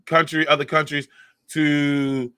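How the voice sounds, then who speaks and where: Profane, animated man ranting. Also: fairly high pitch, slow, smooth, no room sound. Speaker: podcast co-host. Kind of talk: casual comedy podcast chat.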